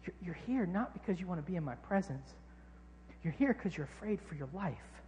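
A man voicing God, speaking in a soft, urging whisper. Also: high-pitched, lively intonation, a little fast, long reverb tail, slight background noise.

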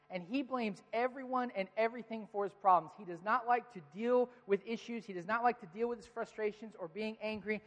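High-voiced pastor in a big echoing hall. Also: male voice. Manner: storytelling, animated when quoting his kids. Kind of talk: sermon. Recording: long reverb of a large hall.

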